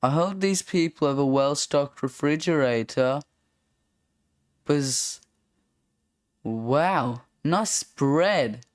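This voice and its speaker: Reader doing a flippant schoolboy, wisecracking, slow delivery, dry close sound. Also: medium pitch, expressive, no room sound. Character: cocky sixth-grade boy, joking troublemaker. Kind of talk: comic strip read-aloud.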